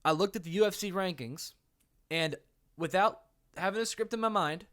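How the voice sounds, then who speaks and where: A man's voice: high-pitched, moderate pace, a bit bright. A young man talking casually and playfully in an unscripted commentary, laughing often. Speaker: YouTuber.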